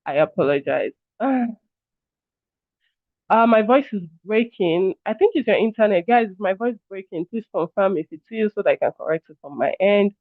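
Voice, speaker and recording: High-voiced man teaching over a tinny call. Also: expressive, normal speed, dry recording. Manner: chatty, repeatedly addresses listeners as "guys"; apologetic, checks on the audience. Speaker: workshop trainer. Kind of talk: live online training session. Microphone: video call. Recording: tinny phone-like online call audio.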